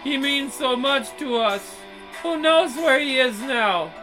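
Brief: stern Russian woman boss of a fake jail, dramatic and slow, high bright voice, as a man puts her on. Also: expressive, faint music behind, full character voice, low-quality recording. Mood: mournful, menacing. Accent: put-on Russian. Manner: indignant, dramatic, drawn-out words.

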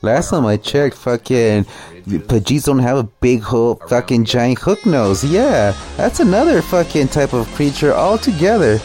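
A man's voice: mid-range voice, lively intonation, unhurried, a little mellow, soft background music. A man doing profane, mocking commentary over a video clip, with a sneering, swearing manner.

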